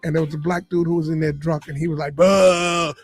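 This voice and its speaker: A man from Boston, a comedian and radio guest, telling lively stories in a casual interview. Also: on the high side, rapid-fire, breathy edge, faint music behind. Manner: animated storyteller, lively and full of punchlines.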